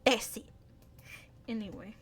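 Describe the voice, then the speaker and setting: A young adult woman streaming a game, reacting in emotional, excitable casual commentary and swearing freely. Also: fairly high pitch, a little slow, breathy edge.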